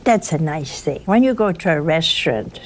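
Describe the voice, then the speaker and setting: A woman's voice: low voice, lively intonation, normal speed. A woman giving an informal sermon, telling chatty, teasing stories with a folksy touch. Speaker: religious speaker.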